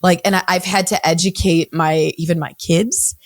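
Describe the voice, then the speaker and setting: A woman in her forties, a counselor speaking as an interview guest, talking bluntly in quick bursts with frequent restarts. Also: lowish voice, fairly even intonation, dry recording, studio quality. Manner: blunt, unapologetic, talks fast in bursts with many restarts. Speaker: guest, mental health counselor. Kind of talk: candid interview conversation.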